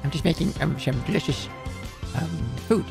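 Man playing gravelly cook, offhand and hesitant, slightly high, faint music behind. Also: lively intonation, moderate pace.

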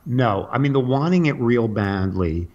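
An older man in his sixties spins long, meandering show-business anecdotes in casual conversation, acting out other people's lines along the way. His voice sits at an ordinary pitch. The recording sounds a little dull and lo-fi. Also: animated, normal speed, a little mellow. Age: 60s. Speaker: comedian guest. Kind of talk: casual storytelling.

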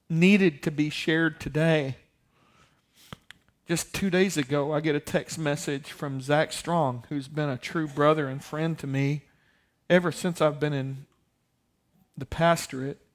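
Male pastor, high-pitched, storytelling sermon that rises to forceful preaching. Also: fairly even intonation, a little slow. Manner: storytelling, building to loud emphatic preaching.

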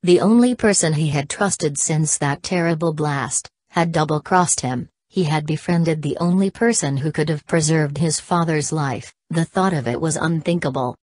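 A woman's voice: low voice, normal speed, few pauses, a little mellow, no room sound, studio quality. A woman narrating an audiobook, reading every punctuation mark aloud. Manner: reads punctuation marks aloud.

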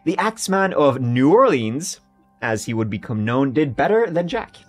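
A man's voice: medium pitch, normal speed, soft background music. A young adult man co-hosting a podcast, narrating a true-crime story in a jokey, casual way. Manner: jokey, animated storyteller who riffs on his own narration.

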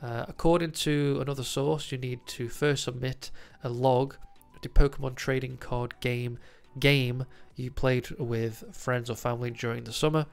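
Over soft background music, a card-collecting news host with a cold speaks to camera at a moderate pace, his nasal, medium-pitched voice creaky, clean, and fairly even. He rarely pauses and chats casually, peppering his talk with ums and uhs.

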